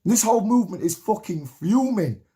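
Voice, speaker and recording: A man's voice: sits high, lively intonation, normal speed, warm tone. A man in his late thirties giving a heated, swear-laden rallying monologue to camera, repeating himself for emphasis. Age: 30s. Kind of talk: impassioned spoken monologue to camera.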